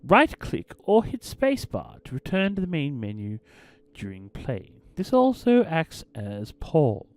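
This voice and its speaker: A man's voice: a little high, huge pitch swings, measured pace, hardly any pauses. A man hosting a let's play, commenting casually and reading game text aloud in a theatrical storytelling way. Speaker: gaming channel host.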